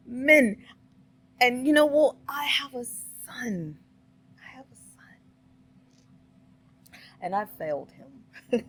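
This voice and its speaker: A woman's voice: fairly low pitch, a bit bright, low-quality recording. A middle-aged woman giving casual, opinionated reaction commentary, laughing and asking rhetorical questions. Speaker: commentary vlogger.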